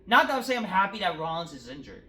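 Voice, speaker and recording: A woman's voice: lowish voice, very animated, quick pace, bright, forceful tone. A woman reviewing a wrestling show in a casual, profane rant. She sounds exasperated and sarcastic, with lots of fillers and restarts. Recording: roomy echo.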